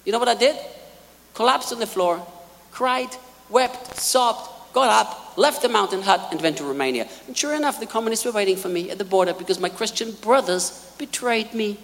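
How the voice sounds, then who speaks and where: A man preaching a sermon in a large hall, emphatic, repeating key lines and swinging between quiet asides and loud peaks. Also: high voice, lively intonation, normal speed, vocal fry. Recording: long hall reverb.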